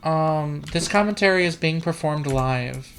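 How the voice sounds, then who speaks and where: A woman's voice: deep voice, a little slow. A woman hosting a let's play with live gameplay commentary, rambling, profane and self-mocking, practicing a trained feminine voice on a desk computer mic. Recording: keyboard clicks and room noise.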